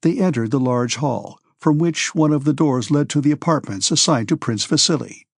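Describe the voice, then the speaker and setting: A man narrating a classic novel in a measured, steady audiobook reading. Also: a little high, vocal fry, no room sound, studio quality. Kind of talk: scripted narration.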